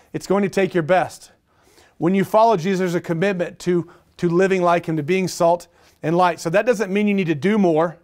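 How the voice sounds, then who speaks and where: A middle-aged male pastor preaching a sermon, animated and repetitive, asking the room questions. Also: high voice, a little fast. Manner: animated preaching with repeated phrases and rhetorical questions.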